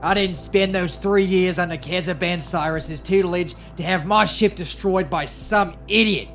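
A man voicing a brooding male ship captain who mutters slowly and mournfully. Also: sits high, fairly bright tone. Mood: grumbling. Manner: slow, mournful, muttering grumbles. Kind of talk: audio drama acting. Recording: music score playing underneath.

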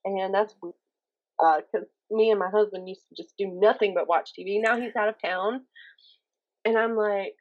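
A woman from Mississippi with a Southern accent, a YouTuber chatting as a guest on a podcast, animated and self-mocking, acting out the voices she quotes. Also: medium pitch, moderate pace, dull audio. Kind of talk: casual podcast chat.

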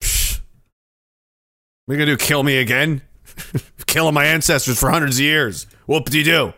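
A man's voice: on the high side, normal speed, pushed and bright, no echo, clean studio sound. A man ranting on a livestream, heated and sarcastic, swearing often and reading out chat messages. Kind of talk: profane political rant on a livestream.

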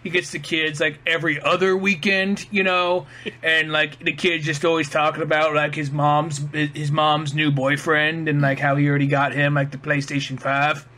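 Man, high and bright voice, crude jokey film commentary. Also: little pitch movement, normal speed. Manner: joking, profane, riffs on characters.

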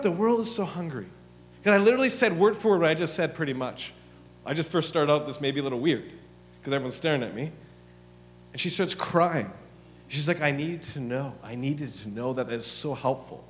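A male pastor with a fairly high voice tells a story from the pulpit, animated and acting out the lines he quotes. His voice rings through a large hall with long reverb. Soft music plays faintly behind him. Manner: animated storytelling, acts out his own and God's lines, drops to hushed prayer. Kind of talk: sermon with storytelling and prayer. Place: church hall.

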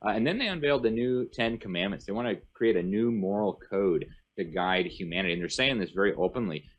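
A man with a fairly low voice talks as a guest on a show. He is emphatic and rattles off long lists in animated interview talk. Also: quick pace, lo-fi sound. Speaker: guest commentator.

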